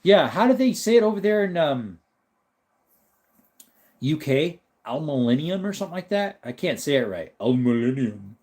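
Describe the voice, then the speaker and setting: A relaxed American man hosts a live stream from his home, talking casually and reading out comments from the chat. His delivery is loose and chatty, often broken up by laughter. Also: high-pitched, normal speed, pauses often. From United States.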